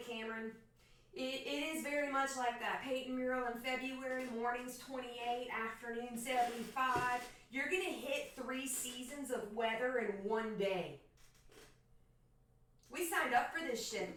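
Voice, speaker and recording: A woman's voice: a little high, unhurried, a bit bright. A woman in her thirties from Florida, telling a profane, joking story casually to her stream chat. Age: 30s. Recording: echoey room, far from mic.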